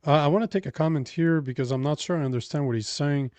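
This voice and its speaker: Speaking quickly in a fairly high, slightly mellow voice with no room sound, this French Canadian man co-hosts a political talk show. He chats casually about politics, reading viewer comments bluntly and cursing freely.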